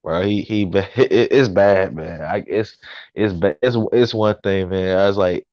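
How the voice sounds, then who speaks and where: A man with a low voice who rambles through his points with stops and restarts. His sound is dull and lo-fi, as if it came over a remote line, and dry. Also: no room sound. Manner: rambling and halting, laughing often. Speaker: co-host. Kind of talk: casual sports talk.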